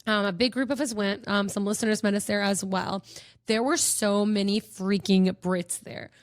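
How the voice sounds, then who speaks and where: A woman's voice: mid-range voice, steady tone, normal speed, no room sound, studio quality. A young woman hosting a podcast, telling stories in a bubbly, gushing way with lots of giggles. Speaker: podcast host. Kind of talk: casual chat.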